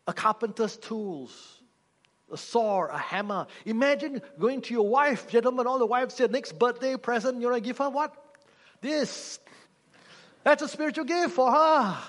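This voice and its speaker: Guy preaching, high voice, joking around, asks the crowd stuff, long echo in a church hall. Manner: humorous, teacherly, asks the congregation questions. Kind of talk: sermon.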